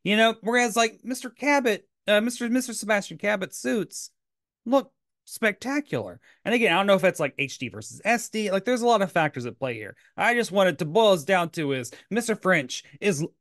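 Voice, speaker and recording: A man co-hosting a podcast in casual chat, animated and playful, slipping into silly voices now and then. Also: high-pitched, a little fast, no echo, studio quality. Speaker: podcast co-host. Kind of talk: casual chat about an old TV show.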